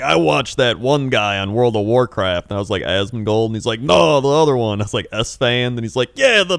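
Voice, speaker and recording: Chatty young man with lively pitch. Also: no room sound, studio quality. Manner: laughing storyteller, acts out quoted people. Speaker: podcast co-host. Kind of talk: casual chat.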